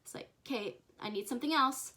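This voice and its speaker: Young woman vlogger, kinda high voice, chatty and excitable, casual storytime energy. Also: brisk, background noise. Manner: excitable, chatty, lots of "like" and "you guys". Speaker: vlogger and dance teacher.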